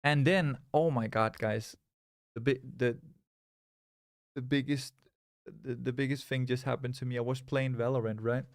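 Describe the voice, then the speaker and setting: A young man talks loosely to his stream, circling back and repeating himself as he reads chat. His voice has a gravelly fry to it. The sound is dry and close to the mic. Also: mid-range voice, steady tone, measured pace, long pauses, dry recording. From Scandinavia. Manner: rambling, repeats words and restarts, reads chat aloud. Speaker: live-stream trader. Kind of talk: casual live-stream chat.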